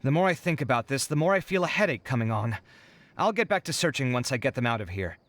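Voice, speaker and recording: A man's voice: medium pitch, sing-song, fast, a bit bright, dry recording. An actor playing a weary, put-upon young male architect in a video game, given to sighs and exasperated complaints. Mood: self-pitying. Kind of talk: game dub voice acting. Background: faint game music.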